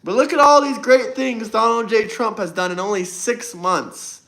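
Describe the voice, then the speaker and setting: A man with a high-pitched voice hosts a political livestream. His tone is bright and forceful, and he talks in a combative, boastful way, repeating lines to hammer them home. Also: moderate pace, creaky. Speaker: livestream host. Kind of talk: political livestream debate talk.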